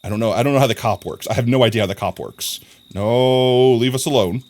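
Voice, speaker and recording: A young man casually commentating a live stream, chatty and quick to laugh as he talks to his chat. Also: on the low side, darkish tone.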